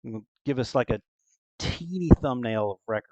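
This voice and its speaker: A man's voice: medium pitch, animated, moderate pace, no echo. A man hosting a tabletop game stream as game master, rambling with many fillers. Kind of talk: casual stream introduction.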